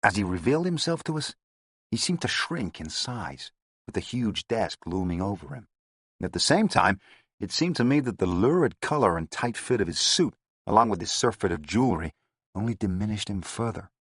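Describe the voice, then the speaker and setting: A man reading an audiobook in a steady, descriptive first-person narration. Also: lowish voice, normal speed, slightly rough, no room sound, studio quality.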